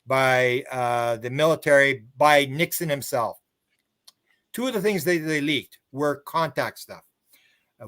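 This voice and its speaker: A man with a fairly high speaking voice, talking as an interview guest. He rambles through stories, repeats words and restarts his sentences, and lifts his pitch when he voices other people's lines. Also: a bit bright. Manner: acts out quoted dialogue with a livelier pitch; chuckles while talking. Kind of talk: casual storytelling on a live stream.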